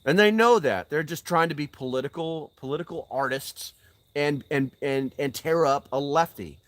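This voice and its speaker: A man's voice: fairly high pitch, normal speed, a bit bright, no room sound. An older man hosting a casual live-stream chat outdoors by a fire. He is blunt and swears, and he drives his points with emphatic rhetorical questions. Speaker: channel host answering live chat.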